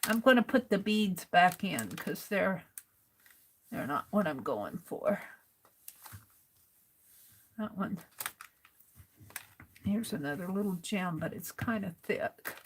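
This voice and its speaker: A woman's voice: medium pitch, animated, takes it slowly, pauses often, slight background noise. An American woman hosting a craft livestream, chatting casually and muttering to herself as she sorts through supplies.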